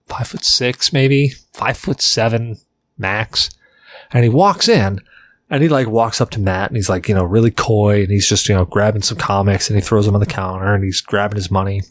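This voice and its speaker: Rambling, chatty male podcast storyteller. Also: on the low side. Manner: rambling, heavy use of "like"; animated anecdote teller. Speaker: podcast co-host. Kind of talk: casual storytelling chat.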